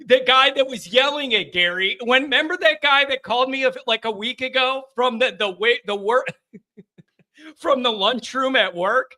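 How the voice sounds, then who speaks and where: A man's voice: extremely high pitch, moderate pace, sharp tone. A man hosting a live sports call-in stream, chatting casually from a home studio, rambling and joking with his chat viewers.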